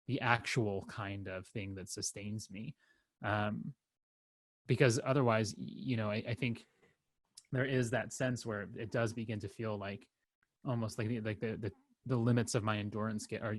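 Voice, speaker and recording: A young man co-hosting a podcast, talking in a rambling, halting way with lots of fillers and restarts and some wry self-deprecating humor. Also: on the low side. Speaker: podcast co-host. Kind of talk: casual chat.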